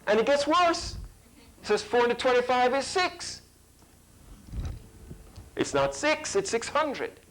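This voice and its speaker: Animated emphatic male math teacher. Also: high-pitched, poor audio. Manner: emphatic, rhetorical questions, mimics teachers and children. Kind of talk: workshop lecture to parents.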